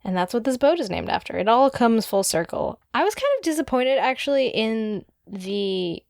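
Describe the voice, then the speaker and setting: A woman's voice: on the high side, animated, normal speed, gravelly, darkish tone, no echo, studio quality. A young woman co-hosting a podcast, chatting casually about a book and hedging with many fillers. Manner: hesitant, many filler likes. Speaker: podcast co-host. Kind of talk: casual book discussion chat.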